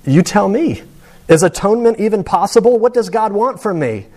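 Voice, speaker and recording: A man's voice: sits high, animated, normal speed, dark tone, pitched above the performer's own voice. A man reading the lines of an angry dying old man, without much theatrics. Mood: pleading. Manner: bitter, demanding.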